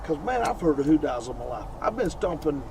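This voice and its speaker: A man's voice: a little high, very animated, brisk, a loud crowd. A man, talking bluntly and profanely during a night outing in the woods. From southeastern United States. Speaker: landowner and coon hunter on a night investigation. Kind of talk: casual outdoor chat. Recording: noisy outdoor night recording.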